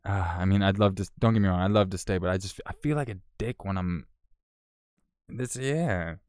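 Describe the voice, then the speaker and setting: A man with a low voice chats on a live stream, reading out donors' names. He is laid-back, swears freely and laughs as he goes. His tone is smooth and clear, and the sound is close and dry. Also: moderate pace, darkish tone, no room sound. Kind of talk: casual live-stream chat.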